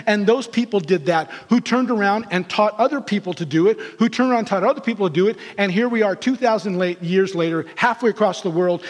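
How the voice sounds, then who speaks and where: A man's voice: high-pitched, big-room sound. A man preaching a sermon in a church sanctuary, telling stories animatedly and acting out the people he quotes. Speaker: pastor.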